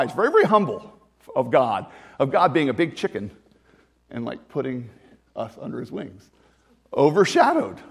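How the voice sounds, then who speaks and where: A man preaching a sermon in an animated, emphatic way, full of restarts, repetition and joking asides. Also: on the high side, breathy edge. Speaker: pastor.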